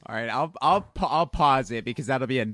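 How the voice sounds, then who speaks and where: A man's voice: mid-range voice, brisk, a bit bright. A man hosting a podcast in casual chat, loose and laughing, swearing freely. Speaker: podcast host.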